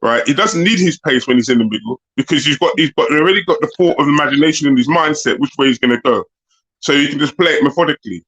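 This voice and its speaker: Male panelist, slightly high voice, emphatic and explanatory, dull remote audio. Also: fast talker, a bit bright. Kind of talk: casual chat.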